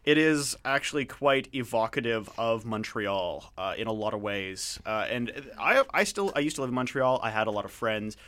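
Man, radio host, casual chat, jokey, rambling, bright sharp tone, studio. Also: medium pitch, expressive, normal speed, few pauses. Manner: rambling, jokey, self-mocking. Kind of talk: casual chat and book reviews.

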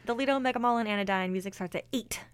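A young woman chats as a guest on a radio show, gushing with thanks and giggling between her words. Her voice sits at an ordinary pitch for a woman and sounds dry, with no room echo. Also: rapid-fire, clean tone. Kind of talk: casual radio chat.

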